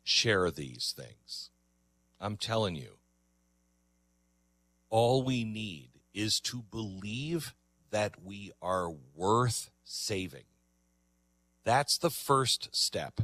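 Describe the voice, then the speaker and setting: A man's voice: very slow, pauses often, dry recording. A man hosting a reaction show, commenting emphatically on video clips he plays. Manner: animated, emphatic, jumps pitch when excited. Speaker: commentary host.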